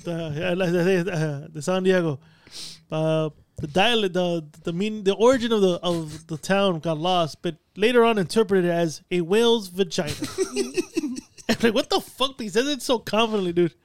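A man co-hosting a podcast, chatting casually and telling profane, animated stories about movies he has seen. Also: high voice, normal speed, smooth. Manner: profane, animated storytelling with quoted voices. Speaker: podcast co-host. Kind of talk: casual chat.

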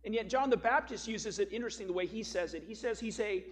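A man's voice: high voice, quick pace. A man preaching a sermon as a pastor, telling a story and then explaining scripture with emphatic, rising stress on key words.

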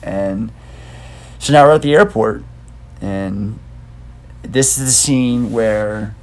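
Laid-back man with a gravelly edge, rambling casual movie podcast host. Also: on the low side, takes it slowly. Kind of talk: casual movie review chat.

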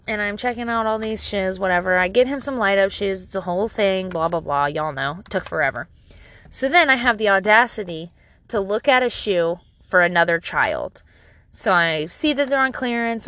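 Bright-voiced woman telling a parenting story. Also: mid-range voice, animated, measured pace. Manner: candid, chatty, self-deprecating, swears casually. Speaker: parent vlogger. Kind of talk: casual storytelling to camera.

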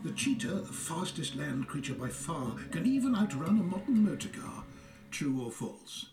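An actor playing a quiz host in a children's game, reading rhyming true-or-false questions. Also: male voice, on the high side, sing-song, normal speed, over music. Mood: playful. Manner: sing-song, reads rhyming questions. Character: lively male quiz host of a kids' game. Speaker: quiz announcer. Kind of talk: scripted game narration.

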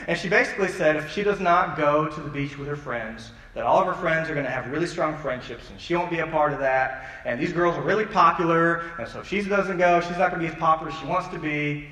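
A man's voice: a little high, fast talker, few pauses, sharp tone, reverberant, in a large hall, poor audio. A man preaching a youth sermon as the youth pastor, telling stories in a conversational way and asking the audience questions. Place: church hall.

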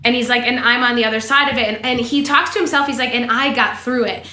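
A woman's voice: a little high, steady tone, fast talker, sharp tone, roomy sound. A woman co-hosting a podcast in casual chat, animatedly acting out characters' lines as she recaps a TV drama. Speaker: podcast co-host.

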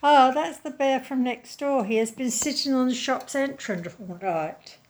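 A woman's voice: sits high, measured pace, pitched above the performer's own voice. A woman reading the part of a bemused male butcher in a children's story, speaking in a patronising, humouring tone.

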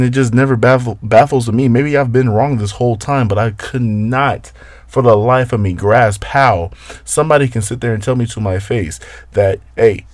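A man's voice: lowish voice, darkish tone, no echo. Profane, rambling man hosting a podcast. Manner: rambling, profane, talks straight to listeners. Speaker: podcast host. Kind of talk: casual solo podcast chat.

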